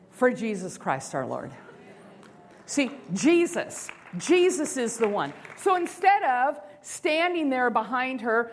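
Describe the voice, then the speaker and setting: A woman giving a sermon-style talk, expressive and acting out inner voices, slowing down for emphasis. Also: a little high. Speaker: speaker.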